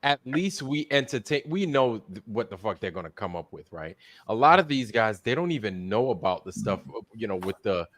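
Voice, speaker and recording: A man's voice: on the low side, big pitch swings, fairly quick, hardly any pauses, fairly bright tone, no echo. A man in casual podcast chat who talks bluntly and dismissively, with casual swearing.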